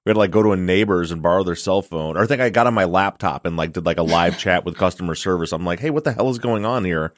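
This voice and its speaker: A man co-hosting a podcast, telling a story in casual chat, swearing freely and acting out his own shouting. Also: low-pitched, steady tone, fast talker, few pauses, no room sound, studio quality. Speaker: podcast co-host.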